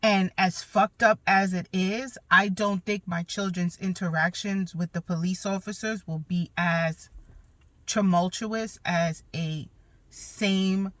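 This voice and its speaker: A woman's voice: medium pitch, fairly even intonation, takes it slowly, no room sound. A woman in her thirties hosting a podcast, telling a personal story in a candid, emphatic way with some blunt cursing. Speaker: podcast host.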